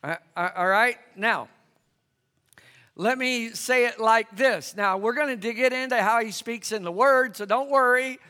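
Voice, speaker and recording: A man pastoring a congregation in a long-reverb church hall preaches conversationally and calls for them to respond. His pitch is extremely high, and his tone clean, pushed and bright, with an unhurried delivery.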